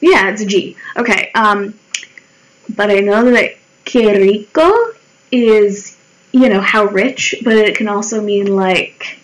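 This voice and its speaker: A woman's voice: medium pitch, slow, poor audio. A woman from the United States chatting casually while she draws on a stream, rambling, swearing and mocking herself as her voice wears out. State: voice wearing out. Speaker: livestreamer drawing. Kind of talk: casual chat while drawing.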